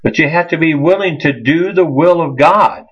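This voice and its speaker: An earnest man preaching a sermon, stumbling and repeating himself as he goes. His voice is husky, and the recording sounds muffled and lo-fi. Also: on the high side. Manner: earnest, halting, repeats words. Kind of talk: informal sermon.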